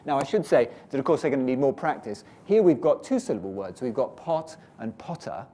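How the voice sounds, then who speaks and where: Male pronunciation teacher, explanatory lecture, dark warm voice. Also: mid-range voice, lively intonation, fairly quick. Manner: explanatory, demonstrates sounds aloud.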